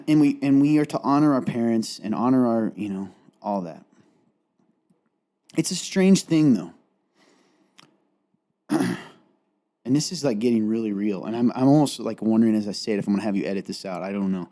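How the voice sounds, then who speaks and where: A man with a fairly low, dark, expressive voice talks at a normal speed, pausing often. As co-host of a candid faith conversation, he rambles earnestly and is tearful, almost crying.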